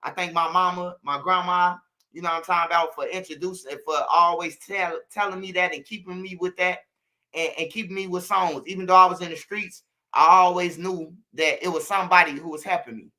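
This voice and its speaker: Hosting his own channel, a Chicago man with a Chicago accent addresses viewers in a slangy, repetitive, preachy monologue. His voice sits high, with a steady, bright, forceful tone, and he talks a little fast.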